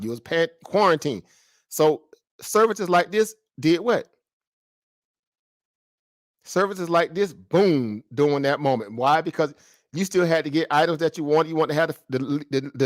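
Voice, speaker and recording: Guy doing loose stock market talk, kinda high voice, dry close mic, keeps asking "what?". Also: no room sound. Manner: rhetorical questions, slangy and animated, mimics traders. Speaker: market commentary host. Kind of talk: casual stock market commentary.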